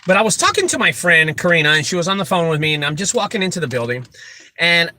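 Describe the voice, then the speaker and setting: A man who runs a junk removal business, telling animated, joking stories full of asides as he gives casual advice. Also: on the high side, quick pace, a little hiss or hum. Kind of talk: casual storytelling advice talk.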